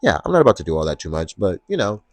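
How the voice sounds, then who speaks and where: Sassy man with a deep low voice. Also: racing, dry recording. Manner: sassy, expressive, slips into playful put-on voices when retelling scenes. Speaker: podcast host. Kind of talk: casual solo podcast talk.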